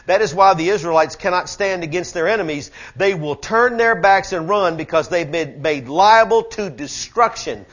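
A man preaching a sermon to a church service, fervent and conversational, dropping to hushed asides and rising to shouted questions with call-and-response. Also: high voice, expressive, normal speed, hardly any pauses, lo-fi sound. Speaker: pastor.

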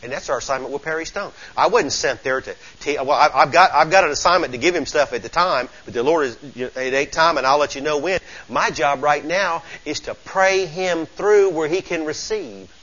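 A man's voice: fairly high pitch, brisk, hardly any pauses, sharp tone, highs cut off. A man with a Southern accent preaching a sermon as pastor, folksy and emphatic, calling out to his congregation.

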